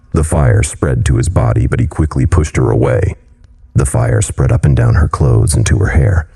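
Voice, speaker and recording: A man narrating a horror story in a grave, measured way. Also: rumbling low, gravelly, warm tone, slightly rough. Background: faint music.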